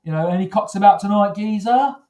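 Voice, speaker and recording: A man's voice: high-pitched, expressive, a little fast, dark tone, far from the mic, pitched above the performer's own voice. A man voicing a brash, cheeky gay man with a put-on Cockney accent, in a roomy-sounding club. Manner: cheeky, crude.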